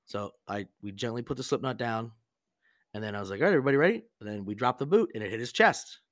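A man's voice: on the low side, brisk, a bit bright, dry recording, studio quality. Profane, rambling man telling a prank story. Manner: rambling, profane, lots of "like" and quoted dialogue. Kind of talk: casual storytelling with crude jokes.

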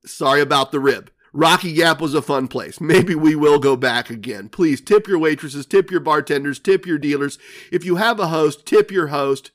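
A man's voice: a little high, fairly bright tone. Wry older man telling a casino story. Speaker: podcast host. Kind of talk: storytelling podcast monologue.

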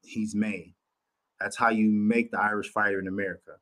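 A man's voice: lowish voice, flat delivery, moderate pace, sharp tone. A man doing an impression of a blunt, middle-aged male fight promoter who explains things matter-of-factly.

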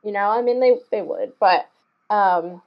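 A woman co-hosting a casual book chat who thinks aloud in a rambling way, pausing on lots of fillers. Her voice is in a middle range for a woman, and the recording sounds dull and slightly lo-fi. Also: medium pitch. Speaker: podcast co-host.

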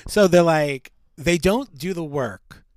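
A man's voice: fairly high pitch, expressive, takes it slowly, darkish tone, dry recording, studio quality. A man co-hosting a casual podcast, riffing in a joking, exasperated way with lots of likes and restarts. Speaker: podcast co-host. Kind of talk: casual comedic chat.

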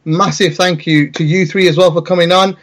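A man's voice: sits high, fairly even intonation, brisk. A man hosting a live podcast, wrapping up the show with casual, sweary thanks to his guests. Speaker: host.

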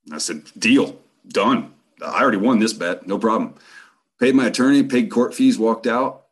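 Low husky man telling a story. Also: normal speed. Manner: profane, candid, rambling. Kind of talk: casual storytelling.

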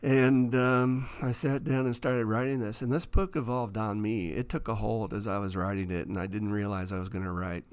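A man's voice: fairly low pitch, normal speed, hardly any pauses, clear, resonant tone. A man, an author and guest in a studio interview, telling his story animatedly and acting out the dialogue in it. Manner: animated, acts out quoted dialogue.

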